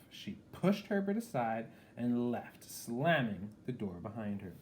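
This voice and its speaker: A man reading a bedtime story aloud, with chatty, lively asides. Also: medium pitch, measured pace, few pauses, a little hiss or hum.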